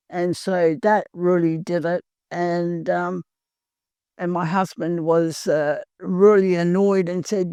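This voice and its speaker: Older aussie woman telling her sobriety story, halting and earnest, dry close sound. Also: fairly low pitch, fairly even intonation, mellow, dry recording. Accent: Australian. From Perth, Australia. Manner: halting and earnest, many pauses and fillers. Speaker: recovering alcoholic sharing her story. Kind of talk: personal recovery testimony.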